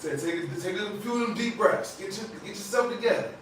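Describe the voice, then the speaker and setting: Leading a Bible study at a fairly quick pace, a man with a slightly high voice talks in a loose, chatty way, asking "right?" as he goes. He sounds distant in a very echoey room, with faint hiss underneath.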